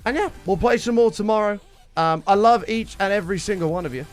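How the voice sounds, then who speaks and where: A young man chatting with his stream audience in an excitable, casual way, his voice worn and strained. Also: high voice, quick pace, faint music behind. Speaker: livestreamer.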